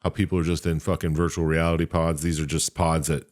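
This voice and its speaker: A man with a very deep, low voice, chatting casually as a podcast co-host. He retells a story loosely and rambles, with plenty of swearing. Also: level tone, fast, a little mellow. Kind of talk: casual chat, recapping a game's plot.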